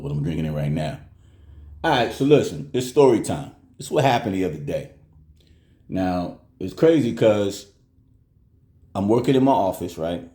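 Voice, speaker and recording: A man's voice: deep voice, reverberant. A man telling a casual story to his viewers at home, acting out every person's voice as he goes. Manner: animated, acts out everyone's voices. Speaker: vlogger.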